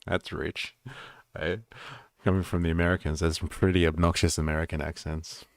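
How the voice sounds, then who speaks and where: A man's voice: low-pitched, flat delivery, moderate pace, no room sound, studio quality. A man hosting a livestream, chatting and joking casually about clips he plays. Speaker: livestream host.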